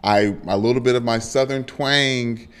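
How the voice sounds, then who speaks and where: A young man co-hosts a casual sports podcast, spinning playful, animated stories. His voice sits low-middle for a man, with nothing unusual in its tone. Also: moderate pace, smooth. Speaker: podcast co-host.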